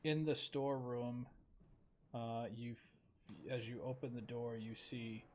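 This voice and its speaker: A man running a tabletop game as game master, narrating haltingly with many ums and pauses. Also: mid-range voice, fairly even intonation, a little mellow, slight background noise. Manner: halting, full of ums and pauses while setting up.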